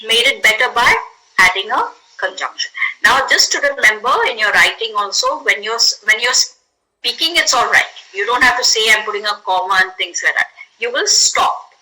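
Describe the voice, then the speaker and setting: A woman's voice: fairly high pitch, lively intonation, moderate pace, bright, forceful tone, poor audio. A woman teaching an English grammar lesson in a classroom, explaining patiently, acting out example exclamations and checking in with "okay?".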